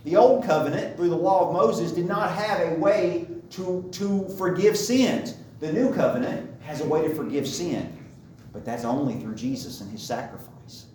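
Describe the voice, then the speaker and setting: A man's voice: on the high side, normal speed, a little mellow, slight background noise. A man preaching a sermon, emphatic and driving his points home by repeating them. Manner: emphatic, repeats key phrases. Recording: very echoey room, mic far off.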